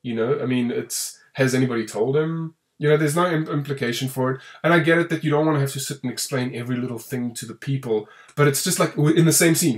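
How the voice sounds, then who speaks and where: A man rambles through a movie review, restarting his sentences and getting animated over plot holes. His pitch sits in the middle for a man, and he talks at an everyday pace. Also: fast, few pauses. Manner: rambling, restarts often, animated when complaining. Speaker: podcast co-host reviewing a film. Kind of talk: casual film review chat.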